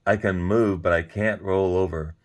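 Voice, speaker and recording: Big gentle boulder, man doing it: deep, breathless, gasping. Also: fairly even intonation, moderate pace, lightly acted. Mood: apologetic. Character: big heavy boulder, kindly and apologetic.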